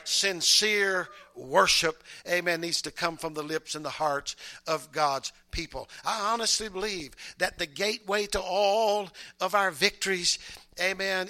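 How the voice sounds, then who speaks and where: Male bishop, high bright voice; folksy sermon delivery, quiet asides building to shouted praise. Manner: folksy, repeats words, calls out amen. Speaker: bishop preaching. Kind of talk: Pentecostal-style sermon.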